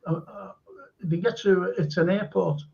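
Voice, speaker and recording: A man's voice: high voice, steady tone, unhurried, creaky, darkish tone, muffled recording. A man hosting a live-stream chat, telling stories enthusiastically with lots of fillers. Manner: rambling, enthusiastic storytelling with many fillers. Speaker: host.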